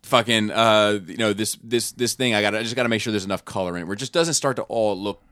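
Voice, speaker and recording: A man's voice: lowish voice, fast, fairly bright tone, dry recording, clean studio sound. A man in casual podcast chat, rambling with many fillers and restarts.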